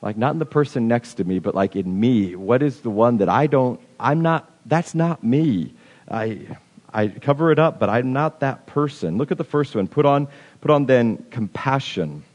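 A man giving a casual, conversational sermon as pastor, with many halting restarts. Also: mid-range voice, expressive, darkish tone, lo-fi sound. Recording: long hall reverb.

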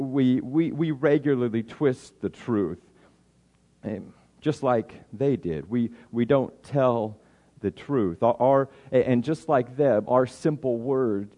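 A man's voice: mid-range voice, dark tone. A man preaching a sermon, often restarting his words and acting out everyday excuses. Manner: stammering restarts, acts out quoted excuses. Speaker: pastor. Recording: long hall reverb.

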